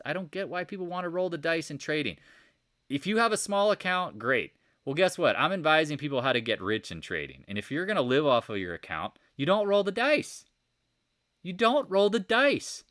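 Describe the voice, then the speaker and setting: A man's voice: medium pitch, a bit bright, clear, resonant tone, no echo, clean studio sound. A man giving a casual, rambling market recap over charts, exasperated and preachy, firing off rhetorical questions. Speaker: market commentator.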